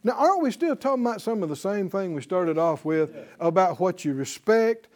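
A man teaching a Bible class, telling the story in an animated way and chuckling often. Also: high voice, normal speed.

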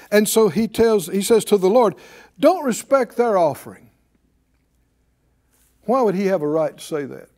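A man's voice: sits high, mellow. A man teaching a Bible study, emphatic and full of rhetorical questions to his listeners.

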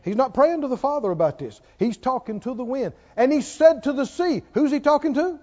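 A man's voice: very high-pitched, expressive, a little fast, darkish tone. A man preaching a sermon, emphatic, firing rhetorical questions at his listeners and drawing out key words for emphasis. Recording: reverberant, dull lo-fi church recording.

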